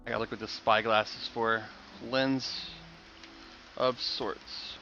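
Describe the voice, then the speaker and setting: A man streams a game live, talking casually to his viewers. His voice is bright and forward. It comes through slightly muffled stream audio. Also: mid-range voice, little pitch movement, slow, soft background music. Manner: chatty, explains game economy and thanks viewers.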